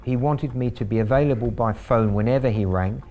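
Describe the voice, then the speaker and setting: A man's voice: mid-range voice, a little fast, warm tone. A man telling his story as a scambaiter in a documentary, wry and gleeful in his anecdotal telling.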